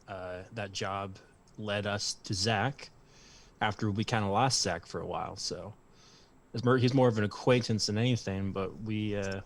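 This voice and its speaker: A man playing a tabletop game, talking casually and pushing with direct questions. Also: on the low side. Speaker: player. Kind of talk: casual game talk, in character.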